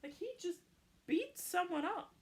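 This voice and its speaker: A woman's voice: extremely high pitch, animated, a little slow. A woman recapping a film in a chatty, casual way, dropping sarcastic asides.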